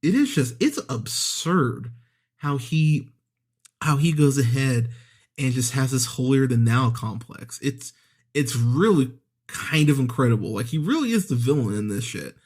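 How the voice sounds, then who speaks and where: A man's voice: mid-range voice, expressive, a little slow, darkish tone. A man ranting through a sarcastic, profane movie review on a podcast, with exasperated asides and mocking impressions.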